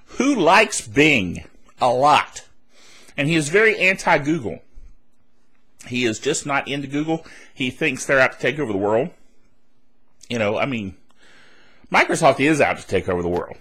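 Guy doing a solo tech news podcast, kinda high bright voice, rambly, throat a bit dry. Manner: chatty and rambling, with frequent laughs and asides. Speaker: podcast host.

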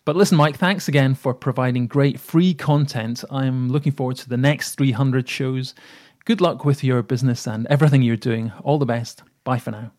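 A man's voice: medium pitch, steady tone, normal speed, darkish tone. A man with a Scottish accent from Edinburgh leaving a fluent, well-spoken recorded message for a podcast. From Edinburgh, Scotland. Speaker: caller, technical writer.

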